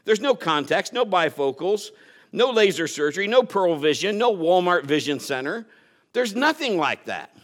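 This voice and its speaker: A man's voice: high-pitched, very animated, normal speed, fairly bright tone. A man preaching a sermon, telling a personal story, acting out quotes and laughing at himself.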